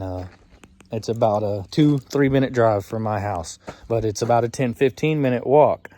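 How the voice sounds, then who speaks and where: A man in his thirties telling a story to camera in a rambling, animated way, acting out bits of dialogue. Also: medium pitch. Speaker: vlogger. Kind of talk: casual storytelling.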